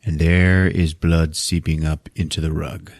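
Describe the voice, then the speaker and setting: A man's voice: a bass voice, little pitch movement, a little slow, a little mellow, no echo, studio quality. A man casually recapping a movie on a podcast, swearing a lot and acting out the characters' lines in put-on voices. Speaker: podcast host recapping a film.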